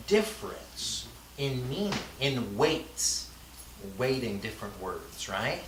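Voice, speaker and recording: Here the teacher's voice sits at medium pitch, and he talks slowly but in a very animated way. His language lesson is conversational, full of fillers and check-ins with the class. The audio comes from a distant spot in a reverberant classroom, with faint hiss.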